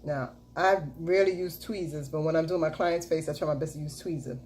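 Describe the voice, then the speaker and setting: Middle-aged woman vlogger, deep mellow voice, chatty and upbeat, recorded on a camera mic with faint hiss. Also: fairly quick. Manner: chatty, repeats catchphrases and cheers herself on. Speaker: makeup vlogger. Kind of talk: casual makeup tutorial chat.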